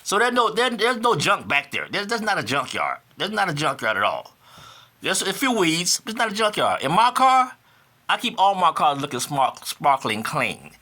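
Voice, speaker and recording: A man's voice: high-pitched, wildly swooping pitch, moderate pace, bright, forceful tone. A man in his fifties talking casually to camera in a vlog, repeating himself for emphasis and rising to indignant outbursts. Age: 50s. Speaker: vlogger.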